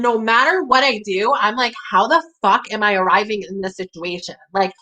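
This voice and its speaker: A young woman telling a personal story at a community hall, emphatic and profane, acting out her own shouted lines. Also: on the high side.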